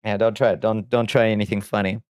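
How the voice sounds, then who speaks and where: A man's voice: on the low side, little pitch movement, brisk, a little mellow, clear, resonant tone, no echo. A man chatting on a casual livestream, reading chat aloud and answering in a chatty, sardonic way, on a close desk mic. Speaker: streamer.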